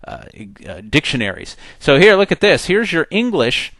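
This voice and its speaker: Lively man explaining software steps. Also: a little high, normal speed, no room sound. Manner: conversational, explains step by step. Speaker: software instructor. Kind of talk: screen-recorded tutorial.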